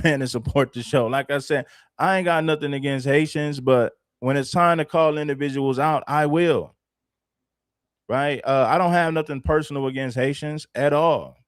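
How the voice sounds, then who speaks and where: A man's voice: a little high, clean tone, dry recording, studio quality. A man casually commenting on a livestream, plain-spoken and repeating points for emphasis. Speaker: streamer host.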